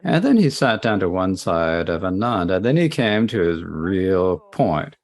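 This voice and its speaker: A man's voice: deep voice, big pitch swings, measured pace, a little mellow. A man retelling a Buddhist scripture story in a lecture, plain and repetitive, with asides. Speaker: interpreter of a Buddhist teaching.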